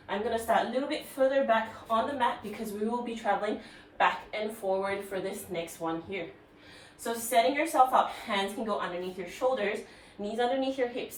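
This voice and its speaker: A woman Pilates instructor guiding a home workout, cueing counts and breaths in an encouraging way, a little out of breath. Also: a little high. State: slightly out of breath. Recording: roomy, distant mic with music behind. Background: background music.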